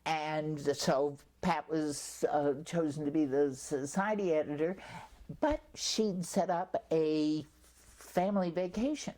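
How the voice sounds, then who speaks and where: An older woman in an oral history interview, recounting her years in local journalism as a chatty storyteller with lively asides. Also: deep voice, takes it slowly. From California, USA.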